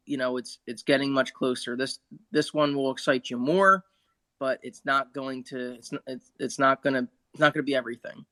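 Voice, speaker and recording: A man in a casual online audio chat, calmly explaining with frequent restarts. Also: medium pitch, no room sound. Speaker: discussion participant explaining the thread. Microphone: phone app audio room.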